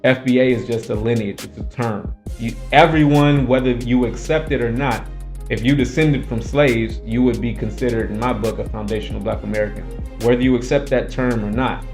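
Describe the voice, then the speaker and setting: A man's voice: mid-range voice, steady tone, fairly quick, a little mellow, soft background music. A man hosting his own commentary channel, arguing his points emphatically and repeating them for stress. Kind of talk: opinionated casual commentary.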